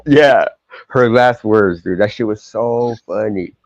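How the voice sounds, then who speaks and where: A man with a lowish voice, chatting casually on a live stream, rambling and swearing with halting restarts. His voice is dry and close. The stream audio is dull and lo-fi. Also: dry recording.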